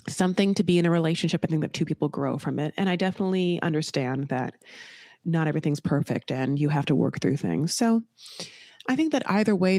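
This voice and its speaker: A woman's voice: deep voice, dark tone, dry recording, clean studio sound. A woman hosting a podcast, recapping a reality show in a chatty, campy way and calling the listener honey. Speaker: podcast host. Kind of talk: casual solo recap commentary.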